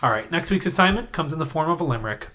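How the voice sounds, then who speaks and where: Joking, bright-voiced male podcast co-host. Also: fairly high pitch, lively intonation. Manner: joking, laughs often, reads plugs quickly. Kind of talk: casual comedic chat.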